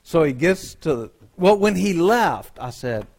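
A man's voice: a little high, big pitch swings, unhurried, a little mellow. A man, a pastor telling a joking, folksy story in a sermon.

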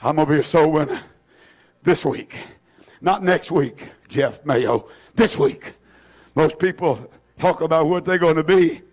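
A man preaching an impassioned sermon in a church, tearful, swinging from shouts to hushed asides. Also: a little high, unhurried, pauses often. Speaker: pastor.

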